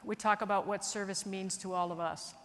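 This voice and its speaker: A woman military leader telling a story in an earnest, animated way, speaking at a conference. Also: mid-range voice, a little fast. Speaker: military leader giving a speech. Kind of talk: storytelling speech. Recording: long reverb of a large hall.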